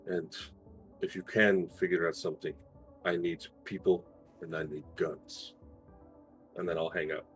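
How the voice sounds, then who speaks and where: A man's voice: low-pitched, little pitch movement, unhurried, pauses often, soft background music. A man playing a tabletop role-playing game, earnest and intense, swearing freely. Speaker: player.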